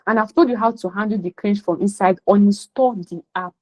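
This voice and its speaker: A woman's voice: medium pitch, fairly quick, highs cut off. A Nigerian woman coaching a class over a video call, speaking bluntly and repeating her key points for emphasis. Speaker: career coach teaching a class. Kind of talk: motivational class talk on a call.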